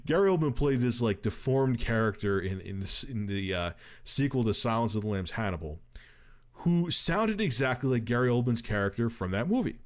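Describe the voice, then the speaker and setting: A man in his thirties casually telling a long story on a stream, swearing and acting out quotes. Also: mid-range voice. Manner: profane, animated retelling with acted quotes. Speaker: storyteller on a livestream.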